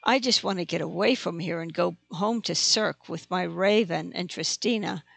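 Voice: medium pitch, normal speed, vocal fry, fairly bright tone, breathy edge, full character voice. A narrator voicing a defeated, weary father who mumbles. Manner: mumbling, downcast.

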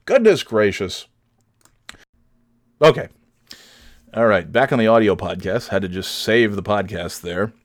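A man's voice: lowish voice, normal speed, dry recording. A young man hosting a podcast, telling rambling, profane stories with self-deprecating humor on a studio mic. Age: young adult. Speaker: podcast host. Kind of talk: casual storytelling.

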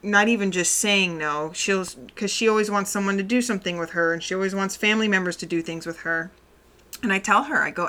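Bright-voiced woman musing candidly. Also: medium pitch, a little fast. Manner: candid and reflective, laughs often. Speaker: mother of a toddler. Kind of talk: casual personal monologue.

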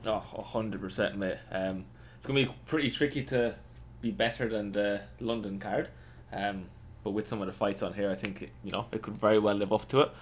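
A man's voice: fairly low pitch, steady tone, a little fast, few pauses, a little hiss or hum. A man who is sore after training, chatting easily and upbeat as a podcast co-host. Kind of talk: casual podcast chat.

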